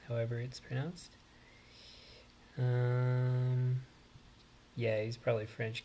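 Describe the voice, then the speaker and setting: A man talks slowly through a casual live stream, musing aloud and trailing off between thoughts. His voice sits at an ordinary middle pitch, and a faint hum of room noise lies under it. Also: monotone, dark tone. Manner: thinking aloud, unhurried, with many pauses and fillers. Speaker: host.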